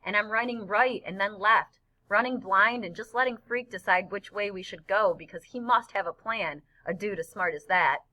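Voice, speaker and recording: A woman narrating a novel in first person, in a lively storytelling manner. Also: medium pitch, normal speed, poor audio. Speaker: audiobook narrator. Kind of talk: scripted narration.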